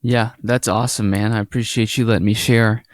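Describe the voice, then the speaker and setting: A man's voice: on the low side, fairly quick, no echo, studio quality. A man co-hosting a casual podcast, telling stories with animation and acting out little imagined exchanges. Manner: animated storytelling, acts out quoted exchanges. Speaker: podcast co-host.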